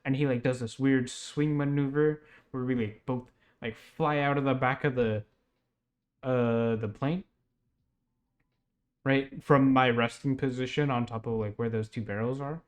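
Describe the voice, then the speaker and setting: A man's voice: mid-range voice, fairly even intonation, unhurried. A young man casually retelling a strange dream, rambling with lots of fillers and laughs. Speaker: podcast host.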